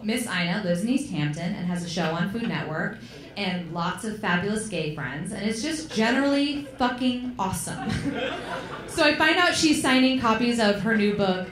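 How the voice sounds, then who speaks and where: A woman with a mid-range, slightly bright voice talks at a normal speed through a chatty stand-up set on a club stage, swearing and dropping in "um" fillers. The echoey club recording is full of crowd laughter.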